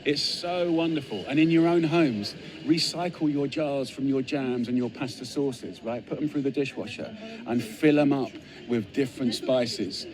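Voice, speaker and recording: A man's voice: mid-range voice, moderate pace, noisy background. An English man, a chef, talking casually into a phone camera in a spice shop, enthusiastic and repeating his phrases for emphasis. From England.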